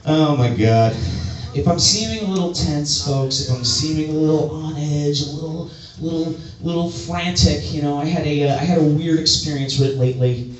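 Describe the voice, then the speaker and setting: A male comedian doing stand-up, his voice sitting a little higher than most men's. He rambles, mocks himself and bursts out loudly now and then. The sound is very echoey, caught from well back on a stage mic. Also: normal speed. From US suburbs. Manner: rambling, self-mocking, swings into loud outbursts. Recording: echoey room, mic from a distance.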